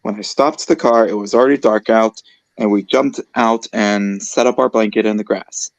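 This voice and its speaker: A man co-hosting an online show, reading fan fiction aloud haltingly, with small slips. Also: on the low side, gravelly, no room sound, poor audio.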